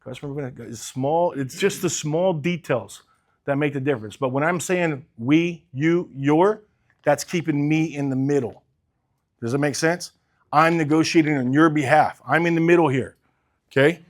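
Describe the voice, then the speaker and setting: Leading a sales workshop, this middle-aged male coach speaks in a notably high register for a man. At an ordinary pace, he's animated and direct, drops casual profanity, keeps testing his audience with questions, and performs both the seller and the customer in a role-play.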